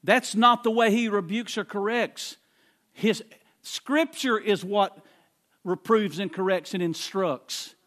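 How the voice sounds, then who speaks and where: A man preaching a sermon as pastor, emphatic and repetitive, moving between quiet asides and loud proclamations. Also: high voice, fairly even intonation, slow.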